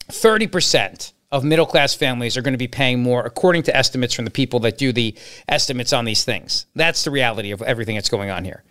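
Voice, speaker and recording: A man's voice: mid-range voice, sharp tone, clean tone. A man hosting a political talk show, commenting sarcastically on played clips with mocking asides. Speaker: political podcast host.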